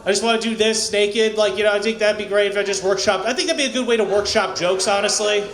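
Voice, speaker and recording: A male stand-up comedian at an open mic, rambling and self-mocking with loud crowd banter. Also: sits high, steady tone, fast, a little hiss or hum. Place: small comedy venue, echoey room. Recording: echoey room.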